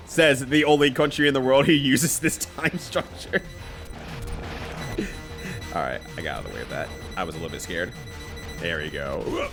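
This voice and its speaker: Male streamer, animated pitch, chatty gameplay commentary, laughs a lot. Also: slow, long pauses, soft background music. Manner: chatty, laughs often, talks to chat while playing.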